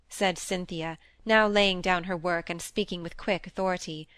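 A woman narrating a classic novel in a measured, even storytelling manner. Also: fairly low pitch, smooth, no echo. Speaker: audiobook reader. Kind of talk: scripted narration.

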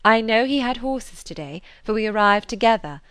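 A woman reading as a lively, headstrong young woman who talks emphatically and exclaims often. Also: fairly high pitch, normal speed, clean tone, no echo. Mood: warm praise. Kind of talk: audiobook character reading.

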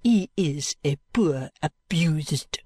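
A man's voice: on the high side, animated, very slow, mellow, husky, dry recording, exaggerated voice. A man putting on a furious maid. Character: fiery young French lady's maid, furious and scornful.

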